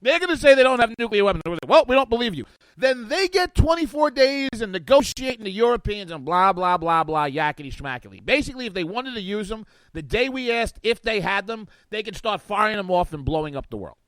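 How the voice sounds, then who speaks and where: Animated high-voiced talk radio man. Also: fast talker, no room sound, low-quality recording. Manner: animated and sarcastic, reading from an article and riffing on it. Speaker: guest radio talk show host. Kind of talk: political talk radio commentary. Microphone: studio microphone.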